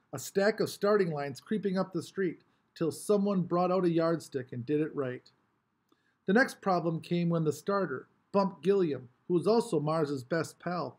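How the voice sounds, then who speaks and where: A man reading a novel aloud with expressive, varied storytelling. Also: fairly high pitch. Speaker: audiobook reader.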